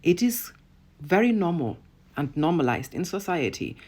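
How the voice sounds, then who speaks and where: Blunt, husky-voiced woman ranting. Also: fairly low pitch, sing-song, moderate pace, darkish tone. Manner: blunt, profane, emphatic. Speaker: online commentator. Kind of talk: impassioned rant to camera.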